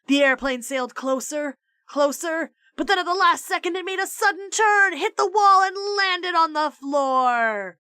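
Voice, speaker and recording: A woman streamer reads a children's storybook aloud in a measured, expressive way. Her voice is high and bright, and she takes her time. The sound is close and dry, on a streaming mic. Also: dry recording.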